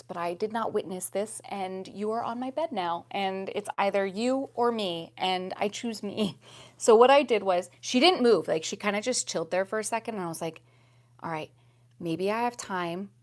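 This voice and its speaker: A young woman vlogger chatting casually to her viewers, laughing often and swinging between loud exclamations and hushed whispers. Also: medium pitch, normal speed. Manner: laughs often while talking.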